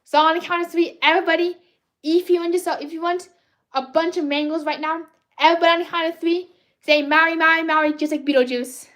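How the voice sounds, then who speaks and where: Bubbly high-voiced woman livestreaming art. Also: fairly even intonation, fairly quick, a bit bright. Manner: bubbly, rambling, cheers and greets viewers; self-corrects and restarts often. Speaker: livestream host drawing fan art requests. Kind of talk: excitable livestream chat while drawing.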